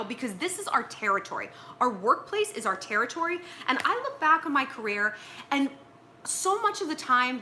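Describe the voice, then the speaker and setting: A woman's voice: fairly high pitch, sharp tone, a little hiss or hum. A woman from Los Angeles hosting a casual advice livestream from home, blunt and swearing freely. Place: at home with pillows and tea.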